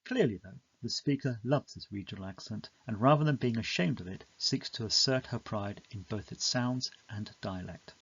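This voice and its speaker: A man reading a scripted, measured explanation of a poem in an educational narration. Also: lowish voice, a bit bright, husky, dry recording, muffled recording.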